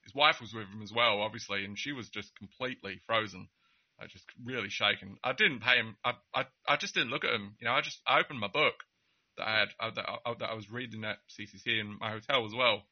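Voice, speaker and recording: A man's voice: lowish voice, fast. A young man with a Southeast Essex accent telling a personal story in a casual, wry, mocking way, stammering over restarts and chuckling. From England. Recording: slightly muffled recording.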